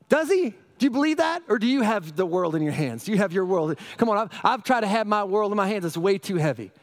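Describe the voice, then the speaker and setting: A middle-aged male pastor preaching a sermon, energetic and often asking the congregation questions. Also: high voice, fast, few pauses.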